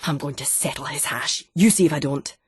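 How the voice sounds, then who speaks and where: A woman's voice: low voice, brisk, breathy edge, no room sound, studio quality. A woman voicing a blustering, ranting landowner father. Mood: indignant. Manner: loud, indignant ranting with heavy swearing. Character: blustering, short-tempered middle-aged landowner father.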